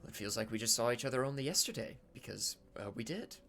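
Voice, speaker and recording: A man's voice: mid-range voice, quick pace, pushed and bright, a little hiss or hum. A man voicing a female official who speaks dryly and matter-of-factly.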